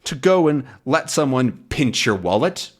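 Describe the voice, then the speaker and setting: A man's voice: medium pitch, big pitch swings, unhurried. A man doing bumbling comic-book detectives. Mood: scolding.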